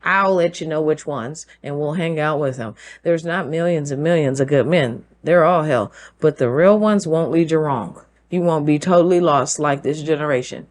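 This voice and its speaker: A woman hosting her own show, talking through a forceful opinion monologue, firing off rhetorical questions and laughing between points. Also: sits low, normal speed, hardly any pauses. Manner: emphatic, fires rhetorical questions. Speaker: show host.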